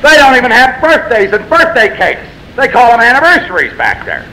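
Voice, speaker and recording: A man's voice: very high voice, sing-song, normal speed, sharp tone, slight background noise, rough recording. A man speaking at a recovery meeting, telling his story in a blunt, self-mocking way that swings between wry and exasperated. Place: meeting room.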